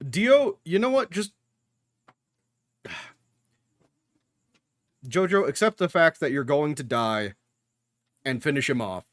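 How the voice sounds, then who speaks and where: A man's voice: fairly high pitch, animated, slow, long pauses, no echo, studio quality. A young man giving casual reaction commentary while watching anime, talking back to the screen with jokes and swearing.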